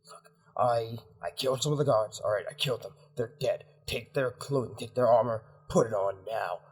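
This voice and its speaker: A man voicing a male prisoner who urges a friend to flee, hushed, frantic and pleading, with a husky voice. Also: medium pitch, normal speed, natural voice. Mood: urgent. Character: urgent male fellow prisoner.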